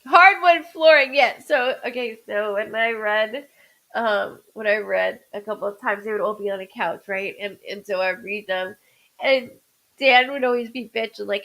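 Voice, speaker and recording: On a live stream, a woman host chats with viewers while emotional and apologetic, talking through tears, choked up and stuffed up from crying. Her slightly high voice is creaky and sharp at a moderate pace, on a rough recording.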